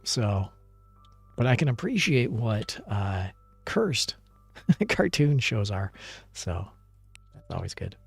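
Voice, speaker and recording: Gravelly, lively man streaming casually. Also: lowish voice, slow pace, long pauses, no room sound, soft background music. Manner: laughs often, reads chat messages aloud; self-deprecating, rambling. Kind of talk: casual live-stream chat.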